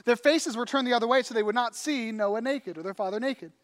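A man preaching a sermon, telling a story in an animated, conversational way with acted-out quotes. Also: extremely high pitch, fairly quick. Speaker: pastor.

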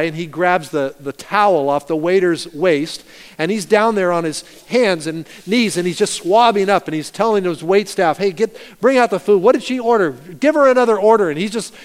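A pastor preaching a sermon, animated storytelling that swings from loud to hushed. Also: male voice, high voice. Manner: animated storytelling, rising loud and dropping soft. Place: church sanctuary. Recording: long reverb of a church hall.

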